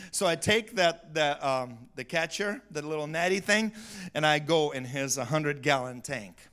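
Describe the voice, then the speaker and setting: A male pastor telling a story in a sermon, animated, shouting for emphasis and laughing often. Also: a little high, moderate pace, smooth. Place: church sanctuary.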